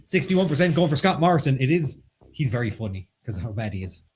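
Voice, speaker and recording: A man's voice: mid-range voice, very animated, fast, slight background noise. A man co-hosting a casual live quiz, teasing and ranting playfully. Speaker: quiz co-host.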